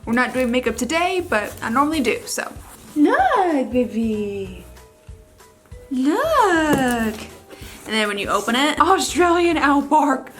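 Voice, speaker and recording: A woman's voice: sits high, expressive, normal speed, fairly bright tone, faint music behind. A young woman vlogging casually from her couch as she unboxes a package for her dog, often gushing and slipping into baby talk. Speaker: beauty vlogger. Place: living room couch.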